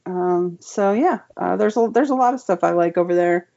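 A woman's voice: fairly low pitch, moderate pace, gravelly, dark tone, dull audio. A woman guest on an interview show, chatting casually and enthusiastically with lots of filler words. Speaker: comic book writer, guest.

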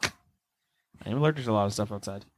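A man co-hosting a casual comedy chat, deadpan, cursing freely and clearing his throat often. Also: lowish voice, fairly quick, no echo.

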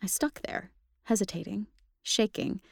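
A woman giving an expressive, emotional first-person reading of a ghost story for a podcast. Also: medium pitch, unhurried, vocal fry, husky, no echo, clean studio sound. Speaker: podcast reader.

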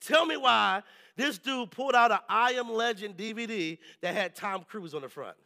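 A male pastor preaching a sermon, telling lively stories and often checking in with the congregation. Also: sits high, moderate pace, creaky. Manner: lively storytelling, keeps asking the crowd "right?".

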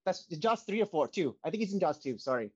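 A man's voice: a little high, big pitch swings, quick pace, a little mellow, slightly rough, highs cut off. A man co-hosting a casual podcast chat, making dry jokes. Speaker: podcast co-host.

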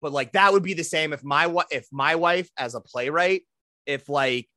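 A man's voice: on the high side, moderate pace, bright, forceful tone, no echo, studio quality. A man in his thirties co-hosting a podcast, joking animatedly and acting out quoted voices in casual banter. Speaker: podcast co-host.

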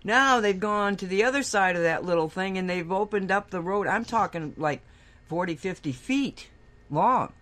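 A woman's voice: mid-range voice, animated, moderate pace, fairly bright tone. A woman co-hosting a radio talk show, telling a long anecdote in casual chat and laughing often. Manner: chatty storytelling, laughs often.

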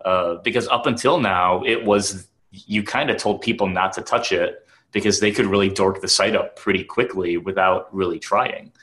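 A man's voice: sits low, normal speed, fairly bright tone. A man from Wisconsin co-hosting a podcast, chatting casually with lots of "like". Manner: chatty, peppered with "like". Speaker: podcast co-host. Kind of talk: casual chat.

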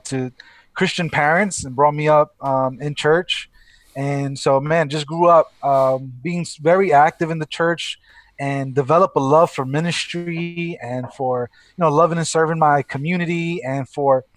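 Earnest Brooklyn-born pastor on a call. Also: male voice, fairly high pitch, fairly even intonation, moderate pace, no echo. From Brooklyn, New York. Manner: earnest, with many "you know" and "man" fillers. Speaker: church planter, podcast guest. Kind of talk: interview answers. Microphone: call line.

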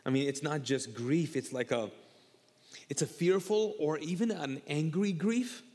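A male pastor preaching a sermon and chatting with a co-host. He is animated, repeats himself and acts out quotes. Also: fairly high pitch, a little slow. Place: church auditorium. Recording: long hall reverb.

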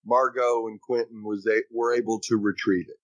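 A man's voice: fairly low pitch, little pitch movement, moderate pace, no room sound, rough recording. A man co-hosting a podcast, chatting casually and filling in details about a TV episode. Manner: laid-back, fills in show details. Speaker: podcast co-host. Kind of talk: casual TV recap chat.

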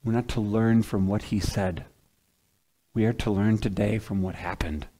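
A man's voice: fairly low pitch, steady tone, moderate pace, mellow. A man preaching a sermon in a conversational way, asking the congregation questions and acting out the voices of the people in the story. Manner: conversational, dramatizes voices of townspeople. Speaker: pastor.

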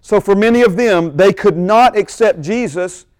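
High-voiced man teaching a sermon. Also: no room sound, clean studio sound. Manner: emphatic, slows down to stress key phrases; asides to the congregation in a quick low voice. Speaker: pastor.

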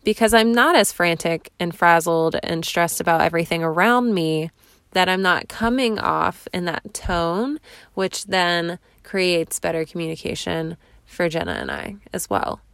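A woman's voice: on the low side, lively intonation, measured pace, vocal fry, a bit bright, clean tone, no echo, studio quality. A woman hosting a casual solo podcast, chatty and rambling with frequent laughs, recorded in her parked car. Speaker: podcast host.

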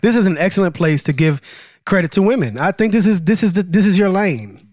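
A man co-hosting a casual podcast chat who makes provocative, teasing jokes with a deadpan delivery. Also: high voice, fairly quick, no room sound, studio quality. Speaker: podcast co-host. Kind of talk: casual banter.

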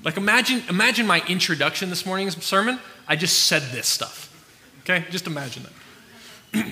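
A man's voice: sits high, lively intonation, normal speed, sharp tone, big-room sound. A man preaching a sermon as pastor, talking casually with fillers and restarts.

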